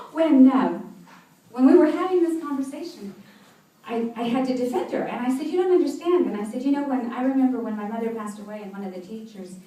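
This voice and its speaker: A woman's voice: high voice, sing-song, normal speed, dark tone. A woman giving an inspirational talk to a live audience, telling personal stories and often laughing. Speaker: motivational speaker. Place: event hall with seated audience. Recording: echoey hall, voice from far off.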